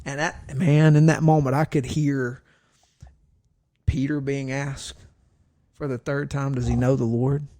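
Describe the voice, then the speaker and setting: A man in his forties, a pastor guest on a podcast, telling lively stories from his travels and acting out the people in them. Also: mid-range voice, unhurried, no room sound. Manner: lively storyteller who acts out the voices in his stories. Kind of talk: casual storytelling chat.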